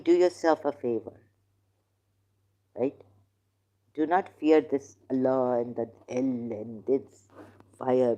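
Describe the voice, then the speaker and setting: Host for a slow, argumentative solo commentary; non-native English, mellow low-key tone. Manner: rambling, argumentative, questions the listener. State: in neck pain, groaning. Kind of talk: casual religious commentary monologue.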